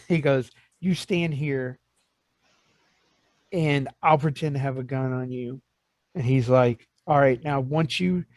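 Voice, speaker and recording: A man's voice: medium pitch, vocal fry, no room sound. A man in his fifties hosting a podcast, telling stories in casual chat and acting out quotes. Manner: animated storyteller, acts out quotes. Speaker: podcast host.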